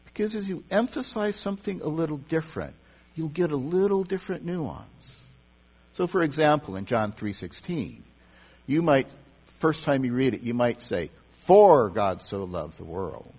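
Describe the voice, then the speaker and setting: A man's voice: on the high side, lively intonation, moderate pace, a little mellow, breathy edge. Man preaching in an echoing hall. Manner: conversational, repeats words and restarts. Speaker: pastor or teacher leading a service. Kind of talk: sermon on meditation. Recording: dull lo-fi sound with long hall reverb and mains hum.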